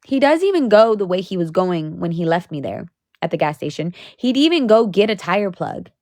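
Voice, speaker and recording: A woman's voice: lowish voice, big pitch swings, normal speed, darkish tone, no echo, studio quality. A young woman telling a storytime on her vlog, blunt and profane, talking in a heated rant. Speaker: vlogger.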